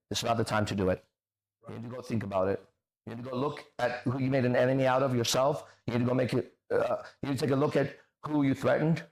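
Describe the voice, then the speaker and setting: Brief: male stream host, mid-pitched, blunt and profane, lectures his critics. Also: creaky. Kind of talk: livestream reading and answering chat comments.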